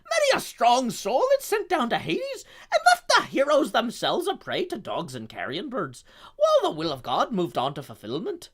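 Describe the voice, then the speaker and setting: A man doing a gruff Scottish clan leader who declaims epic verse in a booming, theatrical way. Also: wildly swooping pitch, normal speed, a bit bright, exaggerated voice. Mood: grandiose.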